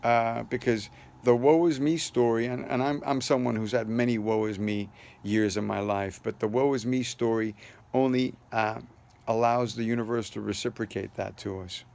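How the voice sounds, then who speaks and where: This man has a gravelly, somewhat mellow mid-range voice that holds steady at a moderate pace. Speaking casually to the camera as a vlogger, he wanders through a personal story full of fillers and false starts. His manner is earnest, and he ends with a cheerful sign-off.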